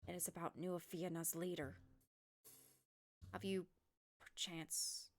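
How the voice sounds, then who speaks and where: A woman's voice: lowish voice, flat delivery, measured pace, voice pushed down. A woman voicing a nervous old man who hesitates and stammers, in a put-on Irish accent. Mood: hesitant.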